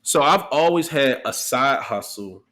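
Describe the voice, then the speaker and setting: A man's voice: medium pitch, lively intonation, measured pace, fairly bright tone. A man in his thirties, a podcast guest, telling profane stories in casual chat and acting out the quotes. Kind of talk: casual storytelling.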